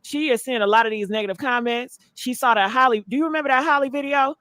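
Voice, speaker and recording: A woman hosting a casual commentary vlog, chatty and slangy as she addresses her viewers directly. Her voice sits a little high and is recorded dry and close, with no room sound. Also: fast, fairly bright tone, dry recording.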